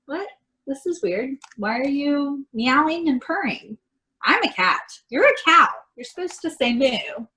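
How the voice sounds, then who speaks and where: A woman's voice: high voice, big pitch swings, unhurried, sharp tone, voice pushed up, exaggerated voice, poor audio. Offended little cat from a kids' book, huffy and put out, played by a woman reading aloud. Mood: indignant. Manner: indignant, complaining. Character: indignant house cat, put out by a meowing cow.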